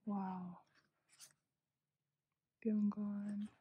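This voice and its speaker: A young woman casually narrating an unboxing, gushing with frequent gasps and soft half-whispered asides. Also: medium pitch, little pitch movement, drawn-out words, slightly rough, no room sound, narrow, tinny audio. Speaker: unboxing vlogger.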